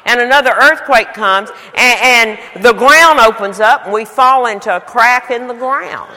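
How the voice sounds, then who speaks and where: A woman preacher voicing her calm, matter-of-fact husband who wants to go back to sleep. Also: fairly high pitch, unhurried. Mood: deadpan. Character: calm, unbothered middle-aged husband. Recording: long hall reverb.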